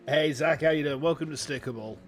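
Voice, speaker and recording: A man with a Yorkshire accent, chatting casually and excitably while livestreaming a game, swearing freely and greeting his chat. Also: a little high, brisk. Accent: Yorkshire English. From Yorkshire, England. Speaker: streamer. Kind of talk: casual gaming livestream commentary. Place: warm room at home with fans running.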